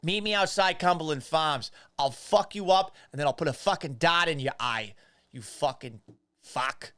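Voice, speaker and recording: A man's voice: a little high, moderate pace, fairly bright tone, no echo, pitched above the performer's own voice, close to an everyday voice. A man voicing an angry, foul-mouthed Boston sports fan in a thick Boston accent, ranting belligerently.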